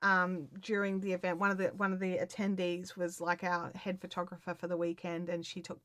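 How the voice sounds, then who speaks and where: A woman chatting casually to her viewers on a live stream, excitable and full of fillers and restarts. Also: fairly low pitch, fairly quick, dry recording. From Australia.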